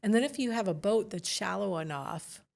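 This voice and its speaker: A woman's voice: mid-range voice, lively intonation, moderate pace, vocal fry, a little mellow. A woman realtor chatting casually as a podcast guest, enthusiastically recommending local spots. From United States.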